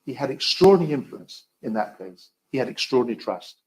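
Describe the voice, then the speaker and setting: A man delivers a history lecture in storytelling style, dropping dry, wry asides that swing from loud emphasis to quiet remarks. His mid-range voice is very animated and he talks fast. The audio quality is poor.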